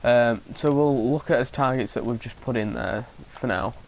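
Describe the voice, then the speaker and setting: A man talks through his game at a middling pitch, thinking aloud and often restarting his sentences. He coughs now and then, and a faint hum sits behind his voice. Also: moderate pace, poor audio. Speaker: gaming commentator. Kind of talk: casual gameplay commentary.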